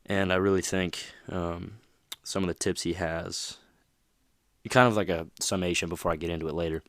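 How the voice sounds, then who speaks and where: Low-voiced man, rambling podcast host. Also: fairly even intonation, normal speed, a bit bright, dry recording, clean studio sound. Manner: rambling, conversational, asks "right?" often. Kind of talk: casual motivational monologue.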